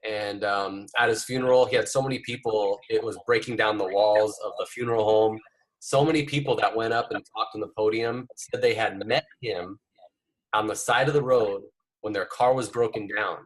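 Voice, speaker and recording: A man's voice: fairly low pitch, fairly even intonation, normal speed. A man hosting a coaching call, encouraging the participants and telling personal stories. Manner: encouraging, storytelling. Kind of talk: casual coaching talk.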